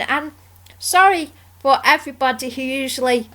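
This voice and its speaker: A woman with a slightly high voice talks through an episode review in casual chat. She gushes and squeals when something thrills her. The rest of the time she drifts back to a softer, rambling tone. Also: unhurried. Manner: usually soft-spoken. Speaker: YouTube reviewer.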